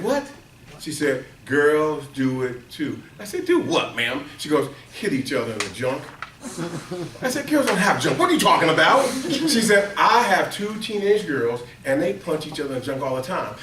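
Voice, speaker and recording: Captured far from the microphone in a reverberant room, with a faint hiss or hum, a middle-aged man leads a workplace training session before a live crowd. Storytelling is central to his delivery; he quizzes listeners and performs quotes in an excited, high-pitched voice.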